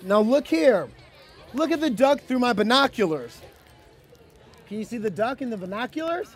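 With an extremely high, sing-song voice that has a breathy edge, a man reads a picture book aloud at a normal pace to children outdoors. The read-aloud is lively and playful, and he keeps calling out questions to the kids.

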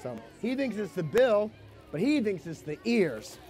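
Very high-voiced man reading to kids. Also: big pitch swings, measured pace, a little mellow, some chatter behind. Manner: playful, calls out questions to the kids. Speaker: storybook reader for children. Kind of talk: lively read-aloud to a young crowd. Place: outdoor public event.

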